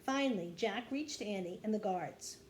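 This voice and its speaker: A woman, a kindergarten teacher, reading a children's chapter book aloud with expressive storytelling. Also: normal speed, slight background noise. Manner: expressive storytelling, dropping low after quotes.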